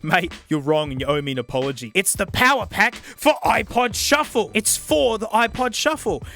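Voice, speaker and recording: Excitable man, bright high voice. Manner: excitable, mock-outraged, laughs often. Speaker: tech YouTuber. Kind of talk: casual comedic product review. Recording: faint music behind.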